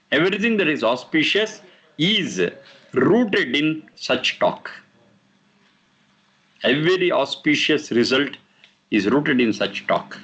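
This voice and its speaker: A man teaching a class on scripture, explaining verses slowly and repeating the recited lines. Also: fairly high pitch, a bit bright, a little hiss or hum. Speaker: teacher of Vedic texts.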